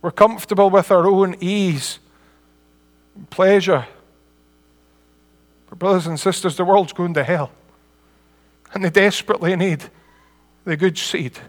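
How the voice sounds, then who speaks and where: A Scottish man in middle age delivers a sermon with a fairly high voice. He talks in an earnest, homely way and builds to emphatic peaks. His voice rings with the long reverb of a hall. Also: a little slow, pauses often. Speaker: preacher.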